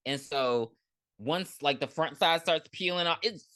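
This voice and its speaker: Low-voiced woman with a bright edge, cussing her way through a movie recap, really expressive. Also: measured pace, dry recording, studio quality. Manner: blunt, profane, animated storytelling. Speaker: podcast co-host. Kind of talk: casual movie review chat.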